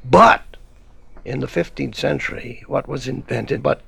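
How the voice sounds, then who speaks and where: A man speaking as a guest scholar in a radio discussion, halting, with many fillers and restarts. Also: mid-range voice, creaky, a bit bright, husky, no room sound. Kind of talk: academic discussion.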